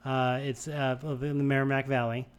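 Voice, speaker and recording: A young man from the Boston area telling a long anecdote in casual chat, rambling and animated, with many restarts. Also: medium pitch, moderate pace, smooth. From Boston area, USA.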